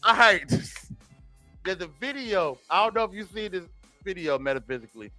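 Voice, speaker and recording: Animated man ranting on morning radio. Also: moderate pace, faint music behind. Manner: animated, swinging from loud outbursts to low mutters. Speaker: radio show co-host. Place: radio studio. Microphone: studio microphone.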